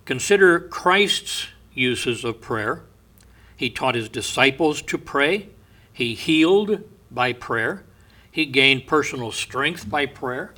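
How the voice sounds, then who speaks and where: Male pastor, sermon delivery, bright tone, unhurried storytelling with soft asides. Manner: unhurried storyteller, often dropping to a soft, low voice.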